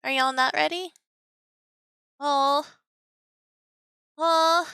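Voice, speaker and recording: A young woman on a live stream with a high, bright voice, talking slowly and playfully to her chat. She giggles a lot and teases in a sing-song tone. The sound is close and dry. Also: fairly even intonation, creaky, no echo. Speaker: VTuber streamer.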